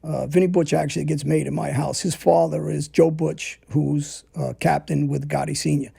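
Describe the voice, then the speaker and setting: Middle-aged man, gravelly and husky, dark-toned; blunt, profane storyteller recounting his past in a casual, present-tense rush. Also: fairly high pitch, flat delivery, moderate pace. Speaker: storyteller guest.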